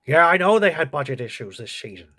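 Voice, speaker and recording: A man's voice: fairly high pitch, big pitch swings, quick pace, bright, forceful tone, exaggerated voice. A man playing a crude gossipy old politician. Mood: snarky. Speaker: comedy reviewer. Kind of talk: comedic TV review.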